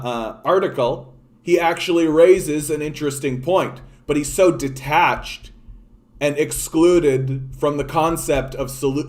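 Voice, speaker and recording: Profane, sarcastic Canadian man ranting. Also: on the high side. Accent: Canadian English. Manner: profane, sarcastic, reads articles aloud mockingly. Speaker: political commentator streaming live. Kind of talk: angry political rant with live chat.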